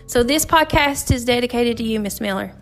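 Middle-aged woman, teacher-host, earnest and halting, slightly high voice, soft music behind. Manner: earnest, halting, with many fillers and restarts. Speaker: podcast host and fourth grade teacher. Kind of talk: heartfelt personal storytelling.

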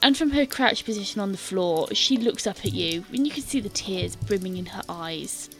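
A woman's voice: medium pitch, expressive, moderate pace, faint music behind. A woman game master narrating a tabletop scene in detail, with many fillers and hesitant restarts.

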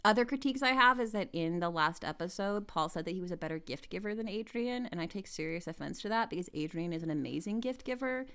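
A woman's voice: on the low side, animated, fast talker, few pauses, a bit bright, smooth. A woman in her twenties from the United States, chatting casually as a podcast guest and using lots of filler words. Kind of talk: casual chat.

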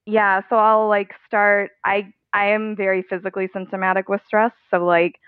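A woman's voice: medium pitch, level tone, moderate pace, clear, resonant tone, dry recording. A woman guest in a podcast interview, talking candidly and chattily with frequent laughs. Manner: candid, chatty, laughs often, many "like" fillers. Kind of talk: conversational interview. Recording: tinny phone-like line.

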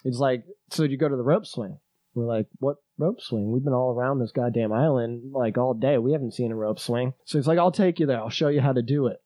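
A man's voice: medium pitch, a little fast, no room sound. A man casually telling a long travel story, swearing often and acting out what people said. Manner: animated, swears a lot, acts out quotes.

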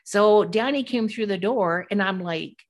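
A middle-aged woman co-hosting a podcast, telling a personal story in a casual, animated way and acting out the voices of the people in it. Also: mid-range voice, unhurried. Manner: animated, acts out quoted voices. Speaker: podcast co-host.

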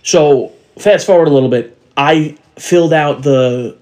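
This middle-aged man co-hosts a casual podcast, chatting in a fairly high, somewhat mellow voice at a slightly slow pace. He tells rambling stories and acts out the voices of people he met.

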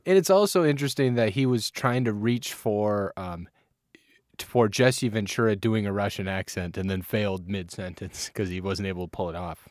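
A man co-hosting a casual comedic podcast, throwing in quick teasing jokes. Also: fairly low pitch, darkish tone, dry recording, studio quality. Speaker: podcast co-host.

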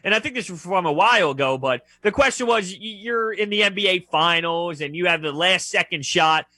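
A man co-hosts a sports talk radio show in a high, bright voice with a husky edge. He argues his points with energy and jumps into the conversation. The sound is dry and close. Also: no echo. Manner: animated, argumentative, quick to jump in.

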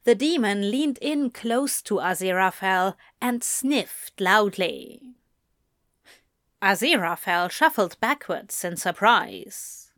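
A woman reading a story aloud in a measured, expressive narration. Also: medium pitch, dry recording, clean studio sound. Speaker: reader. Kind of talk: audiobook narration of fan fiction.

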